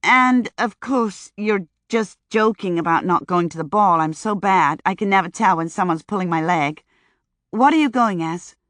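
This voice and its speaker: A woman's voice: mid-range voice, animated, normal speed, a bit bright, no echo, studio quality, close to an everyday voice. A woman voicing a chatty, brash young American flapper from Chicago in an audiobook, eager and gushing. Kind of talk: audiobook character voice.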